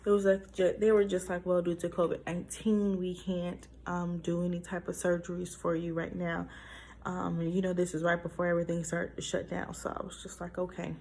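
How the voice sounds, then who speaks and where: A woman's voice: on the low side, completely flat delivery, a little fast, creaky, mellow. Emotional woman telling a personal story. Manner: emotional, talks through it with fillers. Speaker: vlogger sharing a personal story.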